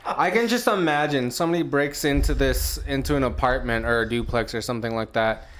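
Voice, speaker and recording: Reading news headlines during a loose, profane, joke-filled podcast conversation, this co-host keeps a brisk pace at medium pitch. The delivery is playful, with scenes acted out in silly voices.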